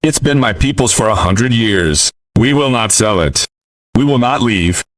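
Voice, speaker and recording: A man's voice: sits low, steady tone, moderate pace, fairly bright tone. A man voicing an old, dignified tribal chief who speaks firmly in a narrated western story. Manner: firm and dignified.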